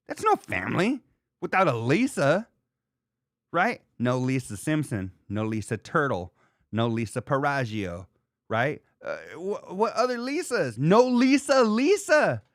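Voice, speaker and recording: A man hosting a podcast in casual chat, rambling and joking in an animated way. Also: medium pitch, no room sound, studio quality. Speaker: podcast host.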